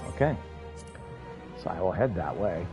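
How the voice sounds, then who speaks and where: A man's voice: low voice, expressive, measured pace, mellow, soft background music. A man streaming a video game, chatting casually and thinking aloud as he rambles through it. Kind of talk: casual gameplay commentary.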